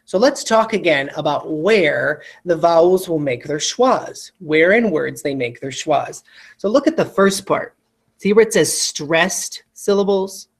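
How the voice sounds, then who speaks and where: A teacher giving a recorded phonics lesson to children, patiently speaking to the students and stretching words apart slowly to demonstrate their sounds. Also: mid-range voice, lively intonation. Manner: patient, addresses young students directly.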